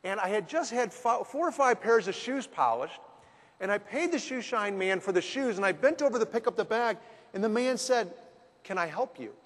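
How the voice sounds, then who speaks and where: A man telling a story as a business speaker, lively, with dramatic pauses. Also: high voice. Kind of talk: storytelling talk. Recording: long hall reverb.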